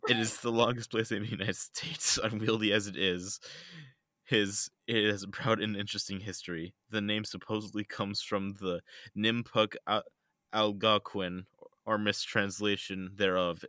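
A man with a very low yet bright, forward voice co-hosts a casual podcast. He reads out a list between bursts of laughter and swears offhandedly. The recording is dry and close. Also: little pitch movement, normal speed, dry recording. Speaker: podcast co-host.

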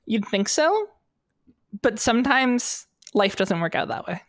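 A woman's voice: a little high, sing-song, unhurried, dry recording, studio quality. A young woman co-hosting a casual podcast, rambling and playful with plenty of fillers, recording in an unfinished basement. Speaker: podcast co-host. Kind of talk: casual chat.

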